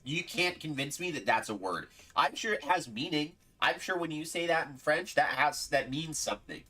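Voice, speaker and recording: Animated, bright-voiced game streamer. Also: mid-range voice, moderate pace. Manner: animated, playfully exasperated, laughs often. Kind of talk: casual live gameplay commentary.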